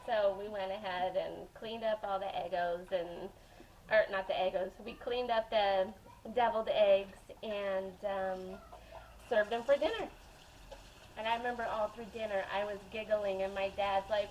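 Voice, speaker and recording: A woman's voice: medium pitch, fairly even intonation, normal speed, a little mellow, roomy sound, a little hiss or hum, low-quality recording. A woman telling stories in a casual, rambling way while she bakes bread in her home kitchen. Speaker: home cooking vlogger. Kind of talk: casual storytelling while baking.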